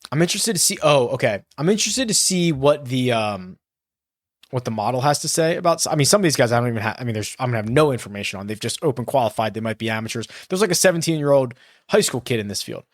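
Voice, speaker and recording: A man talking through his picks on his own in casual, rambling sentences, stopping to correct himself as he goes. His voice sits at an ordinary pitch. The sound is dry and close, with no room echo. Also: expressive, fast. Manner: rambling, self-correcting, thinks aloud. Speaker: fantasy golf podcast host. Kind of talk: casual solo analysis.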